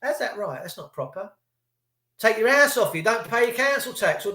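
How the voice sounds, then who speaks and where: Middle-aged man, high-pitched, sweary rambling rant host, echoey room. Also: expressive, normal speed, pushed and bright. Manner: profane, sarcastic, rambling. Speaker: livestream host. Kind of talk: ranting live monologue.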